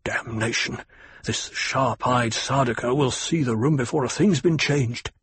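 A man's voice: medium pitch, unhurried, a bit bright, slight background noise, natural voice. A man voicing a scheming, wary nobleman in a cold, controlled way in an audiobook. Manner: cold and controlled, a little raised.

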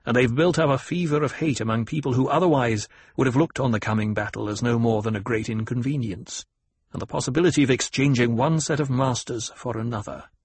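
A man voicing a young rebel leader who speaks firmly and commandingly, in a husky voice. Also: medium pitch, fairly quick, no echo. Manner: firm, commanding. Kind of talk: audiobook character voice.

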